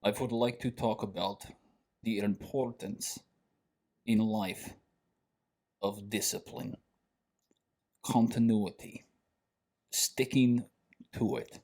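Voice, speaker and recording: A man putting on a put-on Russian accent to play an intense, lovestruck Russian-accented man, delivering his lines slowly and dramatically. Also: fairly low pitch, darkish tone. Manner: slow, dramatic, deliberate delivery. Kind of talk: comic put-on announcement.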